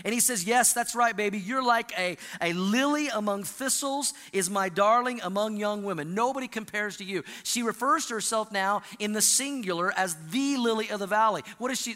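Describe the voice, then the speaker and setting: A male pastor preaching a sermon in a church, animated, calling on the congregation to repeat lines after him. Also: high-pitched, moderate pace, hardly any pauses, in a large hall. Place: church sanctuary.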